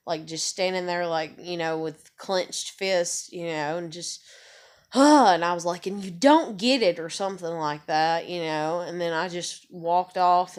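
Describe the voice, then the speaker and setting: A woman at home telling a personal story in a rambling, casual way, swearing often and filling pauses with "like" and "you know". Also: lowish voice. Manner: rambling, profane, full of fillers. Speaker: vlogger. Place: home with a kitten nearby.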